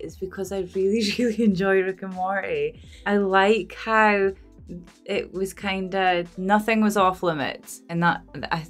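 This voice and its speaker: A Scottish woman chatting casually to camera as a film reaction vlogger, rambling, self-deprecating and laughing often. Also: medium pitch. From Scotland. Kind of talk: casual unscripted chat to camera.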